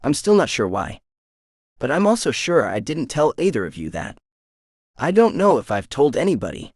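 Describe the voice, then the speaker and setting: Expressive male audiobook narrator. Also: medium pitch, normal speed, no room sound, clean studio sound. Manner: expressive, animated. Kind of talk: first-person romance narration.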